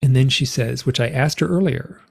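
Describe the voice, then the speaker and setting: A man's voice: medium pitch, normal speed, gravelly, darkish tone, slightly rough. A man, an interview guest, telling a personal story in conversation and acting out the remembered dialogue with big swings in his voice.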